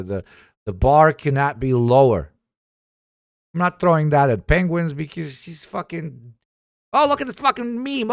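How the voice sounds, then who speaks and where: A man's voice: medium pitch, dry recording, studio quality. A man streaming reaction commentary, swearing freely, laughing often, and pressing his points with energy. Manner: profane, animated, laughs a lot.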